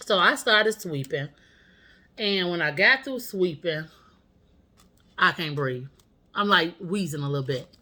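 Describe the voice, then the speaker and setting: A woman's voice: fairly low pitch, animated, measured pace, long pauses, pushed and bright. A woman vlogger telling a story at home, candid and profane in a casual, chatty way.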